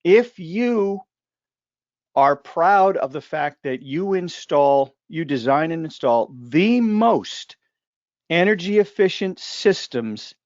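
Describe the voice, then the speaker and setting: A man's voice: a little high, no room sound, muffled recording. A man hosting a casual live discussion, talking in a joking, rambling way full of asides and restarts. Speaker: host.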